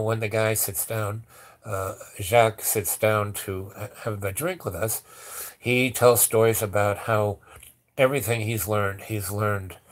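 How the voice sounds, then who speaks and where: A man telling a long story in a casual, rambling way, with many fillers and restarts, acting out the dialogue. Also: fairly low pitch.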